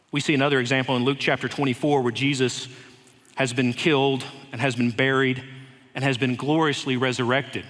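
A man preaching a sermon in a church, earnest and unhurried, with light touches of humor. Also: medium pitch, fairly even intonation, a bit bright. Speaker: head of school preaching. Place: church sanctuary. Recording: long reverb of a church hall.

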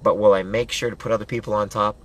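A man giving a loud, preachy motivational pep talk, hammering home rallying commands and building up to yelling. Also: on the low side, level tone, fast. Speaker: motivational vlogger.

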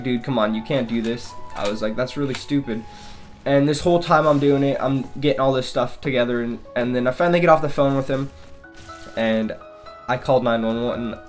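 A young man talks straight into the mic, telling a story from his own life. He is casual and loose, and he swears and circles back over the same points. A soft music bed plays underneath. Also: mid-range voice. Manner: casual, swearing, repeats himself. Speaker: storytelling vlogger.

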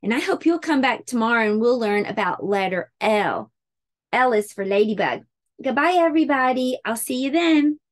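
A woman teaching preschool circle time who reads a picture book aloud with expressive sound words. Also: fairly high pitch, moderate pace.

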